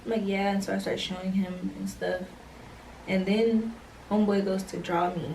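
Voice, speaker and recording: A young woman vlogger telling a storytime tale casually, acting out the dialogue with slangy, animated delivery. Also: mid-range voice, normal speed, gravelly, recorded from a distance, a little hiss or hum, low-quality recording.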